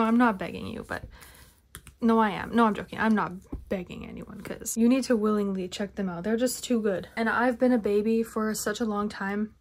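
A young woman vlogging a haul of collector albums, chatting casually and gushing like an excited fan with whispered asides. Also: medium pitch, slight background noise. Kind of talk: casual unboxing haul vlog.

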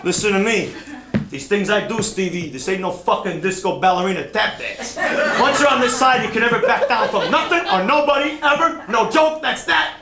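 A man playing a menacing, profane uncle who enforces debts, bullying and shouting threats in a one-man stage show. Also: high voice, animated, normal speed, gravelly. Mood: stern. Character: tough, foul-mouthed, menacing male uncle, a neighborhood enforcer. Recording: echoey live stage recording with noise.

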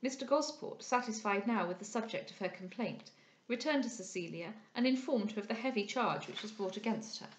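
A woman's voice: mid-range voice, expressive, a little fast. Woman narrating a classic novel, echoey. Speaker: audiobook reader.

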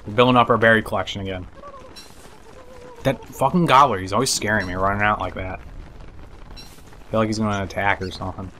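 A man giving casual let's play commentary, excitable and swearing, talking to the creatures in the game. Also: on the low side, fairly quick, pauses often, slight background noise. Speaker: gameplay commentator.

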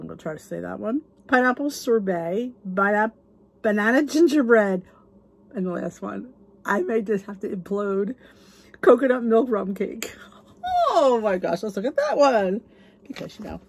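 A woman's voice: mid-range voice, a little mellow, breathy edge. A woman hosting her cooking channel, chatting casually as she reads recipe names aloud and gushes over the food, now and then dropping into a whisper. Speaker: cooking channel host reviewing a cookbook. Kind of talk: casual chat.

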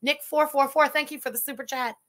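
A woman's voice: sits high, fairly even intonation, a little fast, fairly bright tone. A woman hosting a live reaction stream, answering a clip with sarcastic, mocking retorts.

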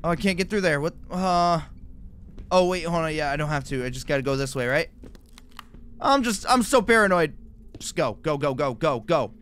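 A man's voice: on the high side, steady tone, brisk, slight background noise. A man giving nervous, jumpy commentary while playing a horror game, with frequent exclamations. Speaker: gaming YouTuber.

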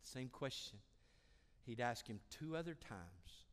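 A male pastor delivers a sermon with an emphatic, repetitive style, rising to loud calls and dropping to near-whispers. His voice sits at an ordinary middle pitch for a man. It rings with the long reverb of a church sanctuary. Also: animated, takes it slowly. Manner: emphatic, repeats key lines, swings from loud preaching to hushed.

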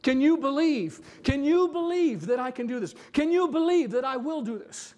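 A man's voice: extremely high pitch, expressive, normal speed, darkish tone. A pastor delivering an earnest sermon, asking his congregation for amens and repeating phrases for emphasis.

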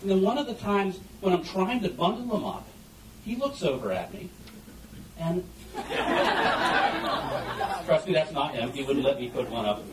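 A man's voice: on the high side, normal speed, pauses often, noisy background. Man telling parenting stories on stage. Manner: animated storytelling with audience questions. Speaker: speaker giving a short stage talk on parenting. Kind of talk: humorous public talk. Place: event hall before an audience. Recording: echoey room heard from a distance.

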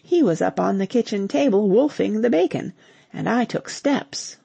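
A woman's voice: mid-range voice, expressive, moderate pace, gravelly, mellow, slightly rough, no echo, full character voice. A woman reading the lines of a cheerful, bumbling young English husband who talks in breezy slang.

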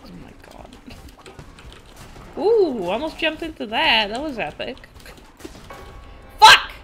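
A woman's voice: sits high, animated, a little fast, bright, forceful tone. A woman streamer chatting casually while gaming, cursing and exclaiming at the game and reading chat. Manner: swears a lot, exclaims at the game.

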